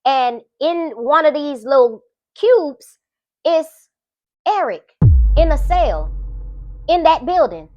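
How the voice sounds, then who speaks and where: A woman casually recapping a novel, animated and profane, full of slang. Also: sits high, slow pace, pauses often, lo-fi sound. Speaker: book reviewer.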